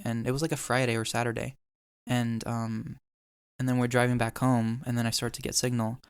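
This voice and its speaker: A young man tells a painful memory in casual podcast chat, quoting people and swearing as he goes. His voice is smooth and clear, with little rise and fall. The recording is dry and close. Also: mid-range voice, no echo. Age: young adult. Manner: emotional storytelling, swears, quotes people. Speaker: podcast host.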